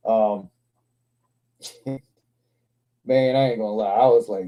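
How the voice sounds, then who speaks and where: A man's voice: lowish voice, fairly even intonation, slow pace, pauses often, mellow, rough recording. A man in his forties hosting a livestream, telling rambling, profane stories with frequent laughter. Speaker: livestream host. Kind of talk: casual storytelling chat.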